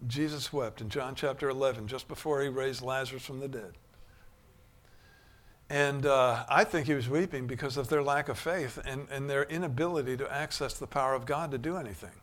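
A man preaching a sermon, shifting from quiet musing to loud, emphatic bursts. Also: mid-range voice, brisk.

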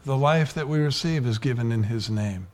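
A man preaching a sermon, building from low, even talk to loud fervor and at times dropping to a whisper. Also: normal speed.

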